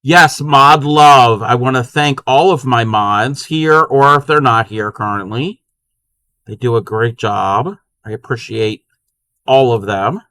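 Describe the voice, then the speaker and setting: A man chatting casually with his live-stream chat while crocheting, sometimes counting stitches quietly to himself. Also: mid-range voice, slow, no echo.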